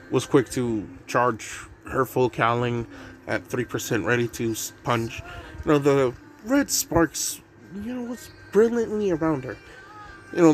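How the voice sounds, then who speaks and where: A man improvising a fan story narration, rambling with many fillers. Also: mid-range voice.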